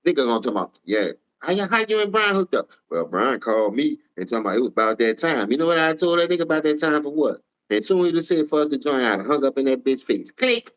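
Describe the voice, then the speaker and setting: A man hosts a live sports talk stream. He trash-talks players in a heated, profane rant. His delivery swings from low, muttered asides to high, shouted outbursts. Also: expressive, fast talker, poor audio. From New Orleans. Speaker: sports talk show host.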